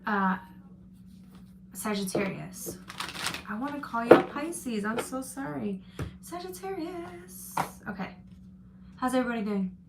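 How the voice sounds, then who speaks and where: A woman's voice: a little high, a little slow, gravelly, long pauses, heavy background noise. A woman giving a live-stream tarot reading, chatting loosely and reading out viewer comments with frequent restarts. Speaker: tarot reader.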